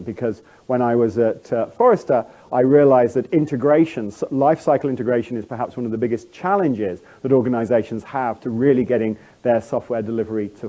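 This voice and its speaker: A middle-aged man with a standard British accent speaks at a conference. His voice is mellow and relaxed, at an ordinary middle pitch. He rambles in a self-deprecating way, with plenty of fillers and restarts. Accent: English, standard British. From England. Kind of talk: conference talk.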